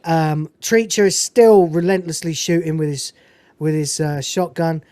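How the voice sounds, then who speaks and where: A woman's voice: sits low, a little slow, dry recording. A woman hosting a podcast, giving a casual, swearing-filled, digressive recap of a film scene. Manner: animated, profane, digressive. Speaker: podcast host.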